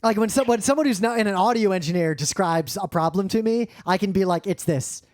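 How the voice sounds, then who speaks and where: Speaking fast in a high, slightly mellow voice with no echo, this man co-hosts a casual tech podcast. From his home studio, in a remote recording session on a professional studio microphone, he gives blunt explanations of audio problems and swears now and then.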